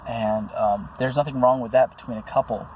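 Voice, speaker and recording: A man's voice: mid-range voice, steady tone, a little fast, a little mellow, a little hiss or hum, poor audio. A man speaking about his own experiences in an earnest, rambling monologue, full of restarts and fillers. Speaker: vlogger. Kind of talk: personal monologue to camera.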